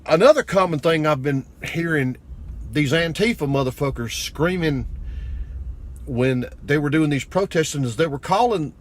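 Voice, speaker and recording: A man's voice: fairly high pitch, animated, normal speed. Profane man ranting. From United States. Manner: blunt, crude, self-deprecating, builds to shouting anger. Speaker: vlogger. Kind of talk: profane political rant to camera.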